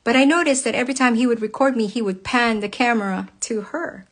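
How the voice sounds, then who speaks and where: A woman's voice: fairly high pitch, fairly quick. Angry hurt woman venting to followers. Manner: angry, hurt, emphatic with repeated phrases. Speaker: psychologist. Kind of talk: emotional personal account to followers.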